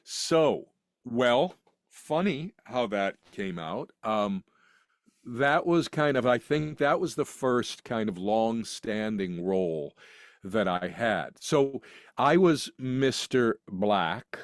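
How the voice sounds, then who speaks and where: A man from the United States tells stories as an interview guest, rambling along and restarting his sentences. His voice sits at an ordinary middle pitch. The sound is dry and close, with no room echo. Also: animated, slow pace. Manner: rambling and anecdotal, with many restarts. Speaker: guest actor. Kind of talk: casual interview storytelling.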